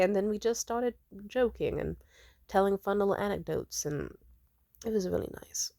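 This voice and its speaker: A woman's voice: mid-range voice, normal speed, gravelly, no room sound, studio quality. A young woman telling a long personal story in a casual vlog, rambling and cursing, acting out both sides of the conversation. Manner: rambling, profane, animated quoting of others. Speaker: vlogger.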